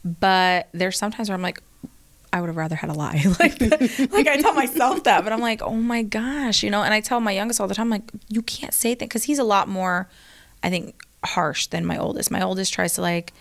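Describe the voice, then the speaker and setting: A woman in her thirties chats casually as co-host, mid-pitched and relaxed. She tells family stories and acts out the voices of the people in them. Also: fairly quick, vocal fry. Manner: chatty storyteller, animated quoted voices. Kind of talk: casual chat.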